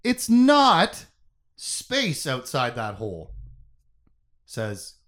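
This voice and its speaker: A man co-hosting a casual book chat, recapping scenes in an animated, joking way. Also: medium pitch, extremely slow. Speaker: podcast co-host.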